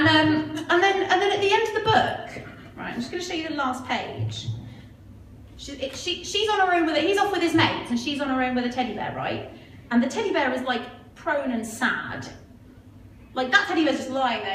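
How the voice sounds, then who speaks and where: A woman's voice: sits high, very animated, normal speed, a bit bright, distant mic. Chatty woman doing stand-up. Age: 20s. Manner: chatty, self-mocking, asks the crowd "right?". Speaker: stand-up comedian. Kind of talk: stand-up comedy set. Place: comedy club stage. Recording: echoey club mic heard from afar, audience noise. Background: audience laughter.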